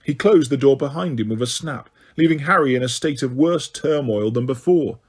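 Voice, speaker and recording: A man reading an audiobook in a steady storytelling way. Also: mid-range voice, moderate pace, husky. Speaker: audiobook narrator. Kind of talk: audiobook narration.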